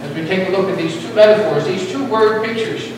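A man preaching a sermon with a fairly high voice, leaning hard on repeated phrases for emphasis. He is recorded from a distance in a church sanctuary, with long ringing reverb and a faint hiss of room noise underneath. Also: brisk. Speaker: pastor. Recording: echoey hall from far off.

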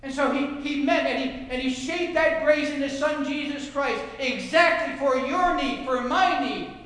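A male pastor preaching a sermon, swinging from low, soft passages to loud shouted cries. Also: normal speed. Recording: echoey hall with long reverb.

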